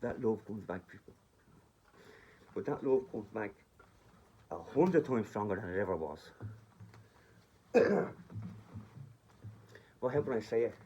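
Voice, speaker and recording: A man's voice: on the low side, expressive, measured pace, pauses often, warm tone. Guy rambling through a story to his viewers, bit dull phone sound, faint hiss. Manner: rambling, chatty, addresses listeners directly. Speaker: vlogger. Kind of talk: casual storytelling.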